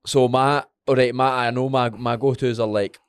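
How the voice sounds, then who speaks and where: A man's voice: mid-range voice, moderate pace, smooth, dry recording, studio quality. Sweary Scottish man, casual podcast chat. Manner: sweary, animated, pumps himself up. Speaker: podcast co-host.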